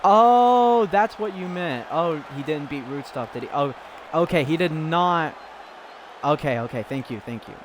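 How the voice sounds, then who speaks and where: Male streamer-commentator, slightly high voice, slow excitable play-by-play. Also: some chatter behind, a little hiss or hum. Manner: excitable, giggly, rambling. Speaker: streamer commentating a fighting game.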